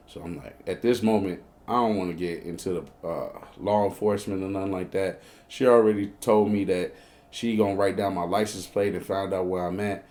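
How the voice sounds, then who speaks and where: A Chicago-accented man spins a casual, profane story from his own life in a slightly low voice. He plays both parts of every exchange in heavy slang and jumps into high-pitched yelps whenever the story turns scary. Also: a little mellow. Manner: slangy and profane, acting out both sides of the dialogue; breaks into high, squeaky outbursts when telling panicked moments. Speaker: storyteller host.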